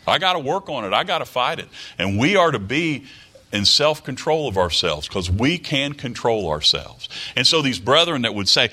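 A man's voice: mid-range voice, very animated, moderate pace, pushed and bright. A man preaching a sermon, emphatic, repeating key phrases and quoting scripture aloud. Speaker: pastor.

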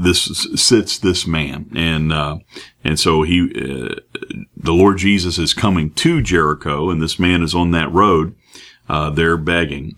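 A man preaching a sermon, reading scripture and explaining it with many pauses, fillers and restarts. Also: deep voice, fairly bright tone. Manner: halting, many fillers and restarts, acts out quoted voices.

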